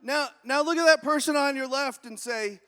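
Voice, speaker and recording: A man giving an energetic, joking keynote speech, telling stories to a live audience. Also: very high voice, normal speed. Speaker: keynote speaker. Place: large hall with audience. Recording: long hall reverb.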